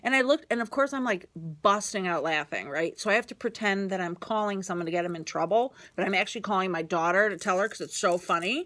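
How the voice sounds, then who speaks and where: A woman's voice: mid-range voice, quick pace, hardly any pauses, fairly bright tone. A middle-aged woman co-hosting a casual studio radio chat, telling stories with lots of laughter. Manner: chatty, laughing storyteller. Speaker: show co-host. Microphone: studio microphone.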